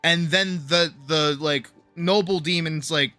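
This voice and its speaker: Guy on stream, kinda high bright voice, animated and swears a lot, dry close mic. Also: a little slow, hardly any pauses, dry recording, soft background music. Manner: animated, profane storytelling. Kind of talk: casual chat.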